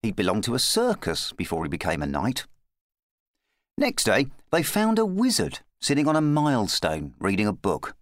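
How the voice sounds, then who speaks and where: A man reading a children's story aloud in a playful, lively storybook manner. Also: mid-range voice, moderate pace, dry recording, clean studio sound.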